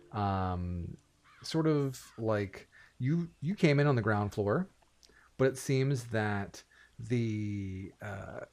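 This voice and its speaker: Man, game master, tabletop game narration, low voice, halting, many fillers.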